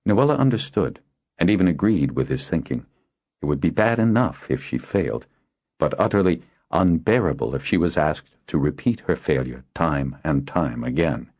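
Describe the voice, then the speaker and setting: A man narrating a fantasy audiobook in a measured, expressive storytelling manner. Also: very deep voice, breathy edge. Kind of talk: scripted narration. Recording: dull lo-fi audio.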